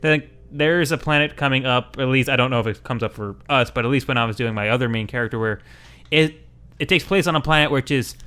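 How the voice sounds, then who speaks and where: A man's voice: mid-range voice, fast talker, bright, forceful tone. A man co-hosting a gaming podcast, talking casually and rambling with many fillers. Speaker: podcast co-host.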